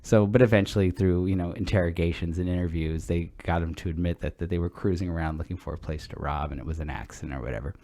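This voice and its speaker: A middle-aged man co-hosting a podcast, telling stories in a relaxed, rambling way and swearing freely. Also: sits low, quick pace, few pauses. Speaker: podcast co-host. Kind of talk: casual storytelling chat.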